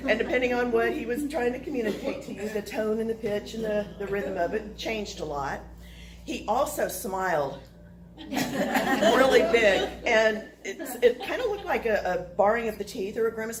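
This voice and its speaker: A woman telling a personal story to listeners, animated and laughing through the funny parts. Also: mid-range voice, rough recording.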